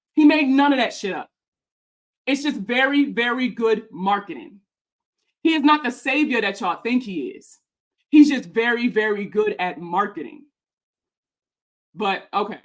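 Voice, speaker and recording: A woman's voice: on the high side, fairly bright tone. Heated, profane young woman ranting. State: out of breath. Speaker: personal finance content creator. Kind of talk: ranting reaction vlog.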